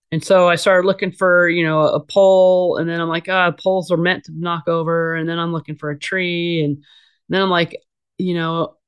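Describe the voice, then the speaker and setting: A woman's voice: sits low, clear, resonant tone. A middle-aged woman talking candidly as an interview guest. She is blunt and casual, with frequent fillers and restarts. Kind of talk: candid conversational storytelling.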